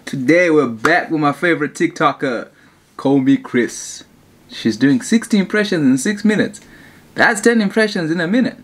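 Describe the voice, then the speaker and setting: A man's voice: a little high, lively intonation, normal speed. A man hosting a reaction channel, chatting in a laid-back, casual way about the clips he watches.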